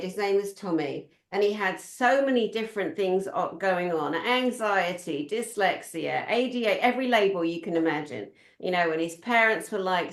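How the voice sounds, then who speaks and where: A middle-aged woman speaking at a conference, blunt and forceful, swearing for emphasis. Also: medium pitch, reverberant. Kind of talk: impassioned talk.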